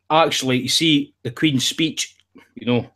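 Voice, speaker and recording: A man's voice: medium pitch, pushed and bright. A man rambling in casual chat, swearing freely and telling jokey stories. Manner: rambling, profane, jokey storytelling.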